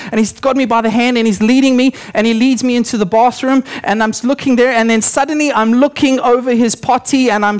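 Young guy preaching in church, lively storytelling, does little voices for quotes. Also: very high-pitched, clear, resonant tone. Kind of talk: sermon.

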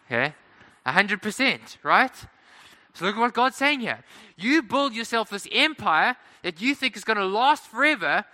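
A male preacher delivers a sermon in an easy, conversational way and keeps putting questions to his listeners. His voice sits high and sounds very bright and cutting. The hall around him carries a long reverb. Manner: conversational, asks the congregation questions.

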